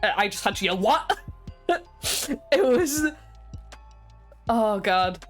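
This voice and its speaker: Chatty excitable woman streamer. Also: medium pitch, slow, soft background music. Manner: excitable, chatty, laughs often. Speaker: game streamer. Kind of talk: casual stream chat.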